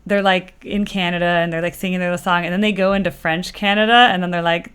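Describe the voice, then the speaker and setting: A woman's voice: fairly low pitch, steady tone, quick pace, few pauses, a bit bright, smooth. A woman hosting a music reaction video, chatting casually and rambling with many fillers and playful asides. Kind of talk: casual chat.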